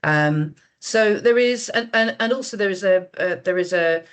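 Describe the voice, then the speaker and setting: A woman's voice: on the low side, lively intonation, moderate pace, smooth. A woman presenting on a video call webinar, talking in a conversational way with frequent fillers and restarts. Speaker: guest speaker.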